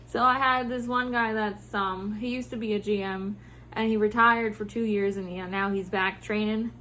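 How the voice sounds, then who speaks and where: A woman vlogger venting about her workday in animated, profane casual talk, laughing often. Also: medium pitch, moderate pace, slight background noise. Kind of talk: casual venting about work over a drink.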